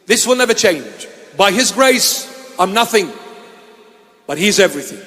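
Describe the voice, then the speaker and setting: A man's voice: high-pitched, animated, normal speed, sharp tone, long reverb tail. A man from Iraq giving an emphatic sermon, repeating phrases for weight. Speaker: bishop preaching. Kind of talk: sermon address. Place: church.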